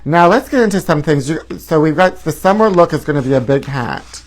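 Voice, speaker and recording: A man's voice: on the high side, expressive, brisk. A man in his forties hosting a live gossip talk show, flamboyant and sassy, calling his viewers honey. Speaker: host.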